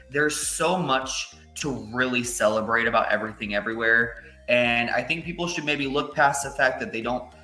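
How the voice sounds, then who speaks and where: Bright-voiced man, roomy echo. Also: medium pitch. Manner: measured and agreeable, with many fillers. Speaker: podcast co-host. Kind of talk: casual film discussion.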